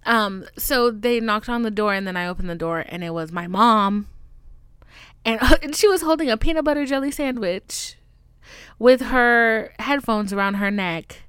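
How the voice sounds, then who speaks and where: A woman's voice: on the high side, expressive, moderate pace, a bit bright, clean tone, no room sound. Twenties woman from the caribbean, podcast host, dramatic storyteller, whispers then squeals, dead dry room. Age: 20s. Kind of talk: casual storytelling monologue.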